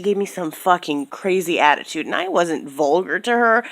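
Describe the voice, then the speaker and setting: A woman's voice: medium pitch, animated, brisk, hardly any pauses. A woman in her thirties giving a heated, profane personal rant, tired and repeating herself as she vents. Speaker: vlogger.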